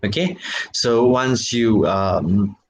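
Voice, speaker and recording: A male lecturer explains poetry at an unhurried, careful pace, and his voice sits fairly low. He often checks in with "okay" and "right" and stretches out example words with a lift in pitch. A faint hiss of noise sits under the recording. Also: low-quality recording. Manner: slow and deliberate, often repeating "okay" and "right".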